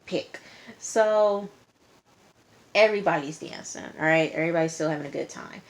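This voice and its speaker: A woman with a slightly low voice talks through a TV episode in casual recap style. Her delivery is chatty and slangy, with an exasperated edge. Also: moderate pace. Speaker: TV show reviewer.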